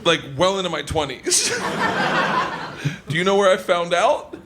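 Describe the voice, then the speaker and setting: A man doing a stand-up comedy set on stage, loud and excitable, swearing freely and laughing through his lines. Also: sits high, takes it slowly, a little hiss or hum. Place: comedy stage before an audience.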